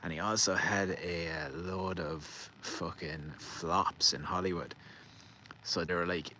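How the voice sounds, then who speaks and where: An Irish man with a very low voice rambles through a casual, sweary story in a garden. He laughs easily and trips over names as he goes. There is a faint outdoor hum behind him. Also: steady tone, unhurried, sharp tone, rough recording. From Ireland. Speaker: vlogger.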